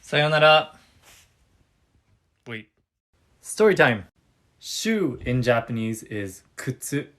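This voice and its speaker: Recorded on a phone, this short-form language lesson comes from a young male teacher who is jokey, playful, and full of puns. He speaks slowly in a sing-song, medium-pitched voice and pauses often.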